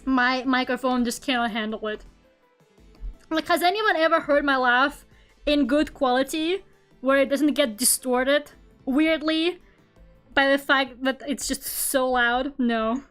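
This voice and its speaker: A young woman with a light Russian accent, chatting casually on a stream, self-mocking and quick to laugh loudly. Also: high-pitched, clean tone, faint music behind. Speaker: Vtuber streamer. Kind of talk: casual chat while drawing. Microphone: streaming microphone at home.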